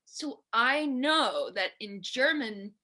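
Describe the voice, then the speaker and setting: A woman's voice: high voice, animated, slow, sharp tone. A woman hosting a podcast, chatting casually and telling stories, acting out quoted lines. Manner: chatty storyteller, acts out quotes. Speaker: podcast host. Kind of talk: casual interview chat.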